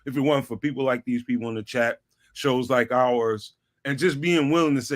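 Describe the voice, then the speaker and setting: A man guesting on a sports talk show, talking in an animated, slangy way and repeating phrases for emphasis. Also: medium pitch, normal speed. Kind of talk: casual sports talk chat.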